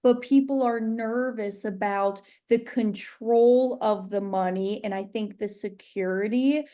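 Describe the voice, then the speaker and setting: A woman's voice: medium pitch, mellow. Young woman hosting a casual interview. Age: young adult. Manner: friendly, laughs easily, asks follow-up questions. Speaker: podcast host.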